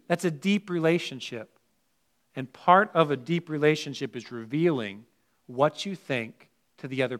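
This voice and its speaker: Here a man whose voice runs on the high side, with a fairly bright tone, is preaching. The pastor keeps it conversational, asking the congregation rhetorical questions and giving scripture readings strong emphasis.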